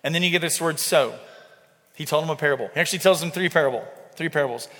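A man's voice: on the high side, fast, bright, forceful tone. A man in his thirties preaching a sermon, conversational and often checking in with the congregation. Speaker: pastor. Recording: reverberant hall.

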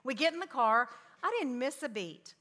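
A middle-aged woman speaking to an audience, telling family stories in an animated way and acting out her children's lines. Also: high-pitched, moderate pace. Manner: animated, acts out her kids' voices. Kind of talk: storytelling talk to an audience. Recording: long hall reverb.

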